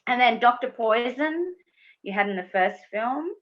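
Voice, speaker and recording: A woman's voice: a little high, animated, moderate pace. Chatty woman on a dull lo-fi line. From Australia. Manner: chatty, laughs easily, restarts often. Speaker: guest. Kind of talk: casual video interview. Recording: dull lo-fi sound.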